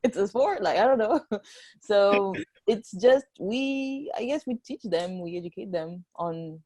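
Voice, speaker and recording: A woman's voice: mid-range voice, lively intonation, measured pace, dark tone. A woman who figure skates, chatting casually over a video call and playfully acting out the conversations she describes. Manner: playful, acts out dialogue as she tells it.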